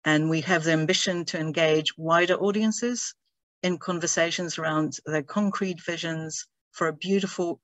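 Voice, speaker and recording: A woman's voice: sits low, dry recording. Hesitant woman hosting an online event. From Scotland. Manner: hesitant, with frequent ums. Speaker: host. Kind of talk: formal event introduction.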